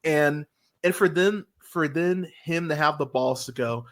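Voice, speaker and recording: A man hosting a casual review podcast, talking animatedly and swearing, his voice jumping up high when he gets worked up. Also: a little slow, fairly bright tone. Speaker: podcast host.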